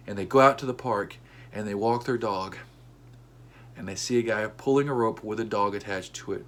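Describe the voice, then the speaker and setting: Man, comic storyteller, animated delivery, sudden high-pitched outbursts, mid-range voice. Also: fairly quick, music in the background. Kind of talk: comedic storytelling monologue.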